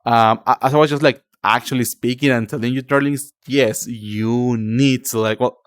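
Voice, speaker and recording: A man's voice: medium pitch, steady tone, normal speed, dry recording, studio quality. A young man from Mexico, a native Spanish speaker with a Mexican Spanish accent, chatting casually with stream viewers, rambling with many fillers and calling them darling. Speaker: livestreamer.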